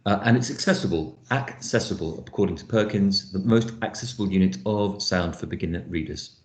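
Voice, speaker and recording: Low-voiced man lecturing in an echoey room. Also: a little fast. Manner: explanatory, thinks aloud with fillers. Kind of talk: online teaching session.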